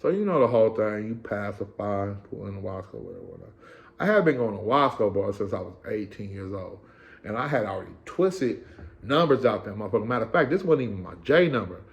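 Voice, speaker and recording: A man's voice: fairly low pitch, fast, vocal fry, dull audio. A middle-aged man casually telling a story in a streetwise, profane style. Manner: streetwise, profane, animated retelling with quoted voices.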